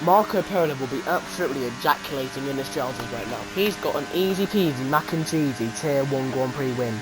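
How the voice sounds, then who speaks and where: A man calling an online race live, loud and jokey, swearing freely and dropping slang between every call. His pitch sits mid-range, and music plays clearly under his voice throughout. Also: brisk, rough recording. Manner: excitable, sweary, jokey, keeps tagging "bruv". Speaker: sim racing commentator. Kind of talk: live race commentary with casual banter.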